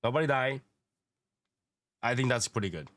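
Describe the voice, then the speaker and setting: A man hosting a casual chat panel, calm and reassuring in a measured way. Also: mid-range voice, dry recording, studio quality. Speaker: panel host.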